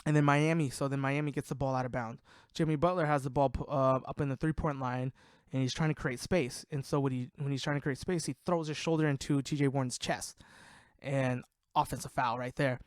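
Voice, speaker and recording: A man's voice: mid-range voice, fairly even intonation, fairly quick, clean tone, no echo, clean studio sound. A man hosting a casual sports podcast, ranting in a heated, profane way, worked up and sweating. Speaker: podcast host.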